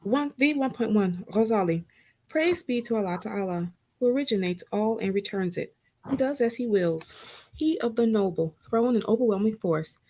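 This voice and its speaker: A woman reading a classical religious text aloud in a steady, formal way. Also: mid-range voice, slightly rough, low-quality recording. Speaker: reader.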